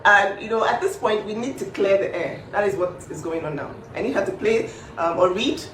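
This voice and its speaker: A woman's voice: mid-range voice, a little fast, a bit bright. A woman speaking up for her younger sister in a casual vlog, emphatic and repetitive, with many fillers. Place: home kitchen. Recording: echoey room, mic at a distance, faint background noise.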